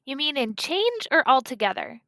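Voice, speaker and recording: Brief: woman doing an eager, hesitant eight-year-old girl, high voice with some fry, dry close read. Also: big pitch swings, normal speed, sharp tone, no echo, full character voice.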